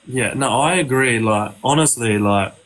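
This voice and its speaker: A man's voice: mid-range voice, normal speed, a bit bright, poor audio. A man chatting on a live stream in an earnest, laid-back way, with many fillers. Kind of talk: casual chat.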